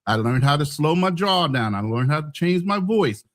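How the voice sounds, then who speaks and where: Man, American, higher pitch, blunt, profane, heated debate host. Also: lively intonation, normal speed. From United States. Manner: blunt, profane, talks over others.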